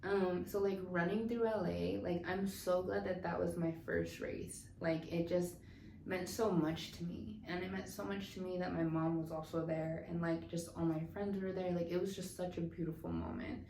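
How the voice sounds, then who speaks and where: A woman's voice: fairly low pitch, moderate pace, creaky, warm tone. A young woman from the southwestern United States telling a story in casual chat, with many fillers. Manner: chatty, filler-heavy storytelling. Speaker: vlogger. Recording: echoey room, faint noise.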